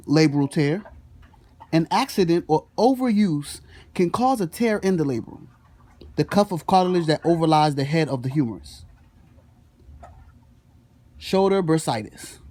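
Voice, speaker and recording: A man's voice: on the high side, mellow. A man playing a boastful middle-aged father who is a shoulder doctor, lecturing in a comedic skit with slangy asides. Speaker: student performer in a school skit.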